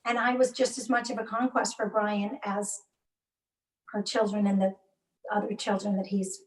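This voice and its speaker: A woman's voice: mid-range voice, little pitch movement, normal speed, distant mic, low-quality recording. A middle-aged woman speaking candidly as an interview guest, earnest and emphatic, with frequent fillers and restarts. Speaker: podcast guest.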